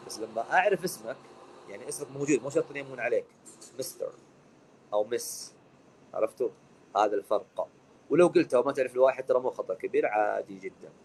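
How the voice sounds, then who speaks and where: Brief: upbeat man, Arabic-speaking English teacher, quick-paced live lesson host. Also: mid-range voice, darkish tone, a little hiss or hum, low-quality recording.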